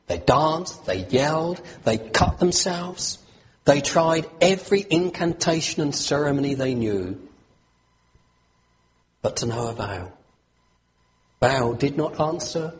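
Animated male preacher delivering a sermon. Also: fairly high pitch, slight background noise. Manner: animated storytelling with asides, pace shifts and rising emphasis.

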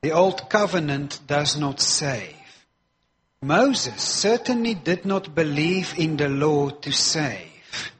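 Male preacher, sermon delivery, unhurried and emphatic, voice sits a little high. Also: lively intonation, a bit bright. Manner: emphatic, repeats key phrases for weight.

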